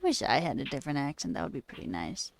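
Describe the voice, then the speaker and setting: A woman's voice: very deep voice, sing-song, fast. A young woman streamer chatting casually and thinking aloud while she works on code. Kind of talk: casual coding stream chat.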